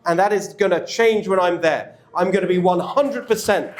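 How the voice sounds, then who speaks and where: A man with an English accent answering audience questions at a campaign event, emphatic and energetic. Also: high voice. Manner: emphatic and energetic, quick restarts. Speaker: political candidate speaking at a club event. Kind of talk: campaign Q&A speech. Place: indoor event room with an audience. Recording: echoey room.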